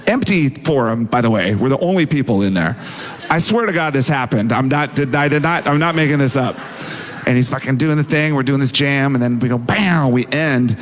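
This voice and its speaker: A man telling a story in a casual interview, animated and full of swearing, acting out what people said. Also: medium pitch, a little fast. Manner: animated, profane, acts out quoted dialogue. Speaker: interview guest.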